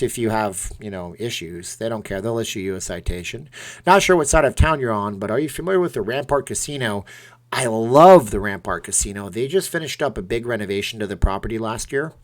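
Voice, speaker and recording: A middle-aged man casually chatting on a live stream, reading out donor names and rambling through asides. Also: mid-range voice.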